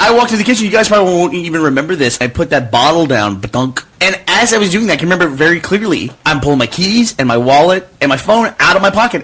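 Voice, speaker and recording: A man's voice: a little high, slight background noise. A man, a podcast host, telling comic stories in casual chat, acting out quotes and laughing through his lines. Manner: animated, laughs mid-sentence, acts out quotes.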